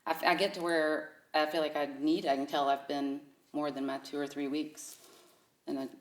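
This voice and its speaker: A woman's voice: sits low, little pitch movement, moderate pace, reverberant. A woman guest describing her own experience as a client, enthusiastic and jokey. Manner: enthusiastic and jokey, laughs often. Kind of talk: casual interview talk.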